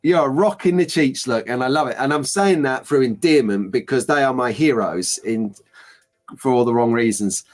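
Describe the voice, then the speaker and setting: A man's voice: medium pitch, normal speed. A man hosting a casual live stream, chatty and rambling with jokey banter. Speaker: host.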